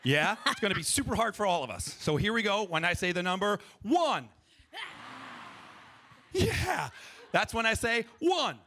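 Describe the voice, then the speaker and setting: A man leading a live improv workshop for an audience on a conference stage, talking in an energetic, playful way and coaxing the crowd to join in. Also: high voice, a little slow, long pauses. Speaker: improv performer and workshop leader. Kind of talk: live freestyle rap and workshop talk to an audience. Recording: live event with audience noise.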